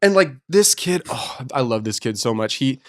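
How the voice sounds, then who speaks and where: A man's voice: medium pitch, expressive, moderate pace. A young man co-hosting a podcast, telling coaching stories in casual chat, swearing freely and laughing a lot. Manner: laughing, swears freely, acts out quoted voices. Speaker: podcast co-host and youth baseball coach.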